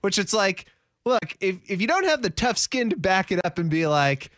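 A man chatting about sports in a lively voice that swings up and down. He talks in an animated way, full of fillers and acted-out quotes. The mic sound is dry. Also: sits high, moderate pace, no echo. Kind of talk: casual sports chat.

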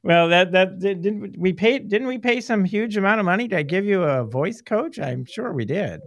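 A man's voice: high voice, lively intonation, normal speed, dry recording. A middle-aged man hosting a casual interview, rambling and laughing often as he reminisces. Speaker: podcast host, former filmmaker.

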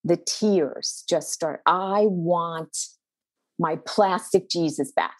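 A woman pastor, guesting on a podcast, tells a personal faith story in an earnest, intense way, her pace shifting as she goes. Her voice is fairly low and slow, with no room sound.

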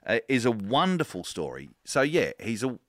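A man's voice: medium pitch, sing-song, no echo. A middle-aged man co-hosting a chat show, telling stories unhurriedly and joking dryly. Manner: dry joking, unhurried storyteller. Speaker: podcast co-host reading from a book. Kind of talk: casual chat and storytelling.

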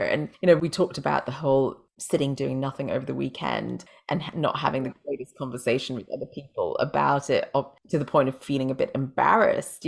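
A woman's voice: a bass voice, gravelly. A woman hosting a podcast and interviewing a guest in a chatty, casual way, often using fillers. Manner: chatty, with frequent fillers like "like" and "you know". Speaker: podcast host and family doctor.

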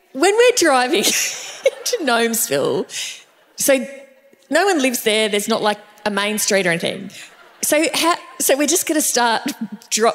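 A woman's voice: a little high, long reverb tail. A woman co-hosting a podcast before a live crowd, asking playful, teasing questions. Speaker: podcast co-host. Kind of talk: casual chat before a live audience.

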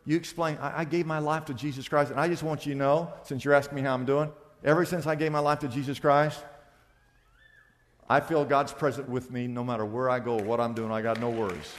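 A male pastor preaching a sermon, acting out back-and-forth dialogues in a lively, conversational way. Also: medium pitch, fairly quick, in a large hall.

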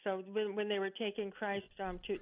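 A woman calls in to a radio show over a tinny, phone-like line. She talks in a chatty, earnest, slightly rambling way, at an average pitch for a woman. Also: flat delivery, moderate pace. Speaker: caller.

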